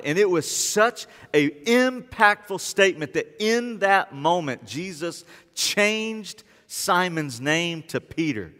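A man delivers a sermon, telling the story in plain, lively words and retelling scenes as he goes. His voice sits a bit high, with a bright, forceful edge. A long reverb trails behind him, as in a large hall. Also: measured pace, hardly any pauses. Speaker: pastor.

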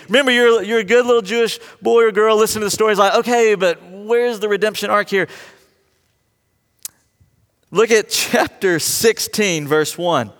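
A lively, high-pitched pastor preaches a sermon built around an old story, acting out the characters with little voices and joking with his congregation. His voice carries the long reverb of a large sanctuary.

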